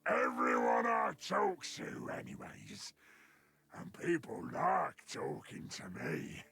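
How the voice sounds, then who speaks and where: An actor playing a huge, boastful, brutish male ogryn soldier in a game, with a gravelly growl and slow, menacing boasts. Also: on the high side, wildly swooping pitch, sharp tone, exaggerated voice.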